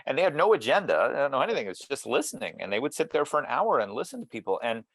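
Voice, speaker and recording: A man's voice: medium pitch, very animated, rapid-fire, gravelly, a bit bright, no echo. A man interviewing guests over a video call, thoughtful and musing, with frequent restarts. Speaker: interviewer and mediator.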